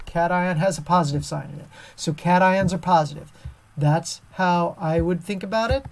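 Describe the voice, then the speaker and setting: A woman's voice: fairly low pitch, moderate pace, slight background noise. A woman teaching a science lesson over a screen recording, chatty and casual with many fillers.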